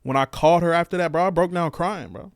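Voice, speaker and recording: A man's voice: a little high, fast, vocal fry, smooth, no echo. A young man, chatting on a faith podcast in an earnest, candid way. He repeats his phrases for weight, and his voice is dry and close to the mic. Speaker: podcast co-host. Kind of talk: casual faith chat.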